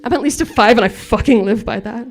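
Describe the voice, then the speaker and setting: A woman in her late twenties with a high voice half-sings a wry, profane comic story. Bright ukulele strumming runs under her the whole time on a live saloon stage. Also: fast, over music. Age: late 20s. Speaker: comedic singer-songwriter. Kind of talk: comedic storytelling song with spoken asides. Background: her own ukulele accompaniment.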